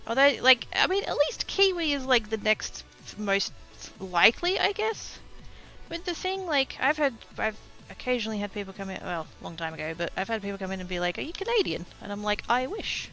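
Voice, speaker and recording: A woman's voice: mid-range voice, expressive, a little fast, bright, forceful tone, soft background music, low-quality recording. An Australian woman streaming her crafting, chatting casually and laughing as she reads the chat. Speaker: crafting livestreamer. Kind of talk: casual chat while stamping.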